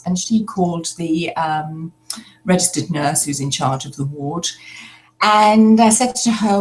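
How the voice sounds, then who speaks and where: An older woman telling a personal story in a slow, reflective way, pausing often as she speaks. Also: fairly low pitch, animated, darkish tone. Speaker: spiritual speaker.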